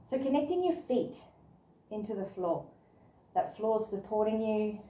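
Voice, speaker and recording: A woman guiding a yoga class through movement and body awareness, speaking in an encouraging, gently instructive way. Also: medium pitch, expressive, unhurried. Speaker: yoga and meditation teacher. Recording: roomy sound from a distant mic.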